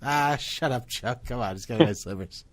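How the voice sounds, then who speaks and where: A man putting on a gruff old granny. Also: medium pitch, normal speed, a bit bright, no room sound, lightly acted. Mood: confused. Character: forgetful old grandmother with dementia, blunt.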